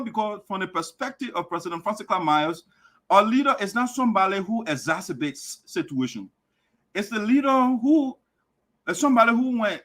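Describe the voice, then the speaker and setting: A man with a Liberian accent hosting an online show, delivering a forceful political monologue that repeats its points and rises to shouts. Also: sits high. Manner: forceful, repetitive, rising to shouts.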